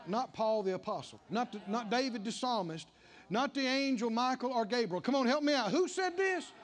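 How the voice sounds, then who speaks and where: A man with a strikingly high voice preaches a sermon, his pitch leaping up and down as he builds. He keeps repeating phrases and calling on the congregation to respond. He comes across as a pastor in full flow. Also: animated, normal speed. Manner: call-and-response preaching, repeating lines with rising emphasis. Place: church sanctuary with congregation.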